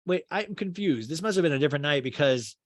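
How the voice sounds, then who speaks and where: A man hosting a podcast, recapping a TV show with crude, rapid-fire jokes. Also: fairly high pitch, lively intonation, dry recording, clean studio sound. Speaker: podcast host. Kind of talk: comedic TV recap.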